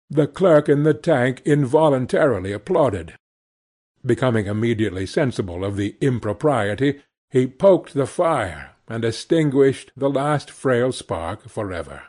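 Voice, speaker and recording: A man narrating a classic novel in a measured, expressive audiobook reading. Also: medium pitch.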